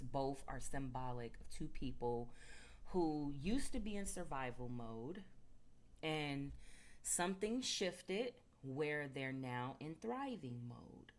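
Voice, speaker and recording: Low-voiced chatty woman storyteller. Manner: loose, filler-heavy, chatty. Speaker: spiritual speaker. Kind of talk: casual storytelling talk.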